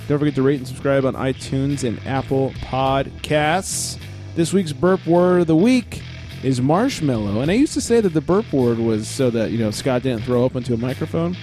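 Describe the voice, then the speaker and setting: A man hosting a casual beer podcast, relaxed and chatty, laughing often. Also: medium pitch. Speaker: podcast host. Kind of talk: casual chat.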